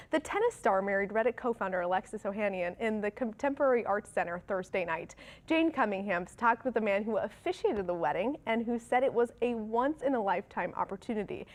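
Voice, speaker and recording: A woman from New Orleans anchors a morning newscast in a studio. Her voice sits a touch high, and she moves easily between crisp story reads and bright, teasing chatter with her co-anchor. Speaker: TV news anchor. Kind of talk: morning news reading and co-anchor banter. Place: TV news studio.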